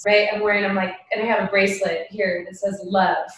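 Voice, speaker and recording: A woman's voice: mid-range voice, level tone, a little fast, reverberant, rough recording. A woman teaching a meditation class, talking casually and emphatically, with lots of rhetorical questions. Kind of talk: casual spoken talk before a guided meditation.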